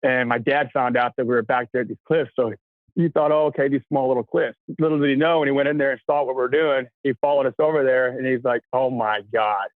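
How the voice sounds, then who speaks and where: A man in his thirties from Kentucky, a guest telling energetic, rambling stories with laughs in a casual chat. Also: mid-range voice, fast talker, dry recording. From Kentucky, USA. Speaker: guest, actor. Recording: tinny phone-like line, dry.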